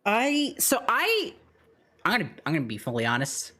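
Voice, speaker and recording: A woman's voice: mid-range voice, huge pitch swings, moderate pace, sharp tone. A young woman hosting a casual livestream chat with her voice-acting friends. She giggles often and keeps the talk playful. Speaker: streamer host, voice actor.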